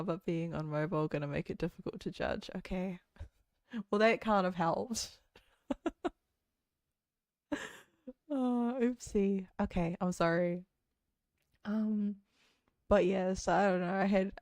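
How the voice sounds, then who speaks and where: Kiwi woman late 20s, chatty rambly streamer, lots of vocal fry, super dry sound. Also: medium pitch, a little mellow, no echo. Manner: rambling and chatty, full of "like" fillers. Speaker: VTuber streamer. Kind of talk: casual chat stream.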